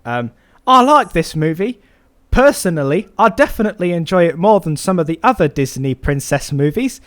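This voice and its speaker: Guy doing a slow nasal take on his buddy, fake british accent that sounds american, a bit louder than usual. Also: a little high, big pitch swings. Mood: mock earnest. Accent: put-on British accent that sounds like an American's. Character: mock impression of a young male friend reading his review. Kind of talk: podcast banter.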